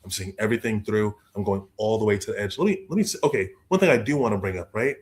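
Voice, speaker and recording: A young adult man, a guest author telling stories in a lively way, acting out the people he quotes. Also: lowish voice, quick pace. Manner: expressive, acts out quoted voices, repeats words. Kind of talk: animated storytelling in conversation.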